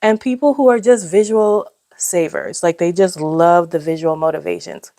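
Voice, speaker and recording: A woman's voice: on the low side, moderate pace. A woman in a casual vlog, chatty and gushing, reviewing a savings book and calling her viewers y'all and babes. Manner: gushing, excitable, squeals over cute pictures. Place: indoors at home.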